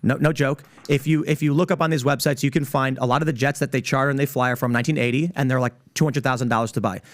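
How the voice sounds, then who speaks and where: Fast-talking man telling a story. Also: mid-range voice. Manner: animated storytelling with rapid restarts. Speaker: podcast guest and show host. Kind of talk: casual panel chat.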